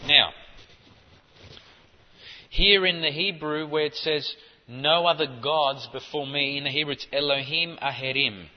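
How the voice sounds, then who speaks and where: A man preaching a sermon, teaching in an emphatic way and rising to forceful stresses. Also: fairly high pitch, measured pace, pauses often. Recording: dull audio with long hall reverb.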